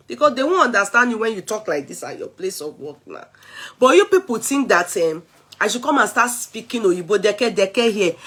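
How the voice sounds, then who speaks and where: A Nigerian woman with a somewhat high-pitched voice talks straight to her viewers in a loose, animated rant. She mixes English, Yoruba and pidgin as it flows. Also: husky. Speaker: vlogger. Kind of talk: casual chatty rant.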